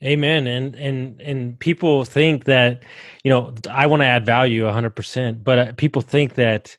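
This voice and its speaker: A man hosting a podcast interview, relaxed and chatty, with plenty of fillers and easy laughter. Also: medium pitch, moderate pace, dry recording. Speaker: podcast host. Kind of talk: casual interview chat.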